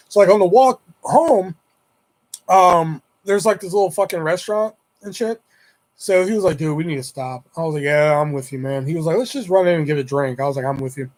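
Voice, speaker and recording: A man from the Houston area tells a long, rambling story on his vlog, cursing constantly and doing the voices of his friends. His voice is a little high and a little mellow, and the talk is casual storytelling.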